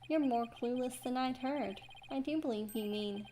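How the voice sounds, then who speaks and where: A woman's voice: sits high, normal speed, warm tone, a little hiss or hum, close to an everyday voice. A woman reading a smug sneering male prosecutor. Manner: snide, self-satisfied. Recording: game music behind.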